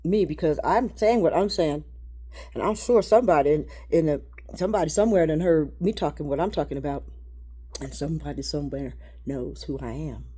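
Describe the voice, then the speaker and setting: A woman giving a rambling, preachy spiritual monologue, halting and repeating words, dropping to a hush and then rising loud. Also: low voice, slightly rough. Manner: preachy, swings between hushed and loud.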